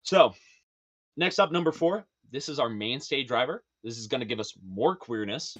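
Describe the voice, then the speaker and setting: A man as a podcast guest in casual chat, animated and profane, laughing often. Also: medium pitch, normal speed.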